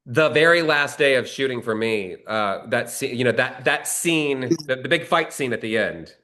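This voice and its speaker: Middle-aged man, animated storyteller who acts out quoted lines; bright, forceful tone. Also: mid-range voice, moderate pace. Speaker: screenwriter and actor, guest. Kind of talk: casual interview storytelling.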